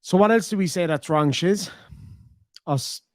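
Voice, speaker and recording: A man's voice: high-pitched, a little slow, no room sound, clean studio sound. An Irish man chatting on a livestream, swearing often and teasing in casual banter. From Ireland. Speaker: streamer.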